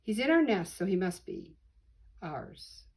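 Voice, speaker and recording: Chill papa bird, steady and reassuring , grandma reading it, a bit husky. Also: female voice, medium pitch, measured pace. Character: calm easygoing father bird.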